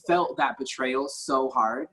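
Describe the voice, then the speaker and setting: A podcast co-host chatting casually about a TV show, emphatic and animated, often repeating words as they gather their thoughts. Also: mid-range voice, slow pace.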